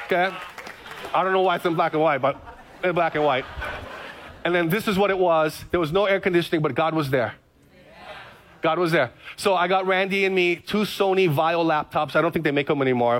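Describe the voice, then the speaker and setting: A man's voice: on the high side, a little hiss or hum. A middle-aged male pastor giving a sermon, telling stories with jokes and repeated phrases. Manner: animated storytelling, joking and repeating phrases.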